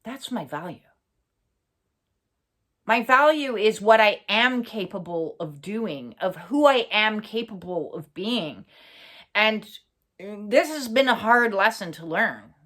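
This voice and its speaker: Slow, halting woman speaker. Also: medium pitch, expressive, fairly bright tone. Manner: earnest, halting, many fillers and pauses; blunt, swears for emphasis. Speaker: spiritual channel host. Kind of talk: reflective personal monologue.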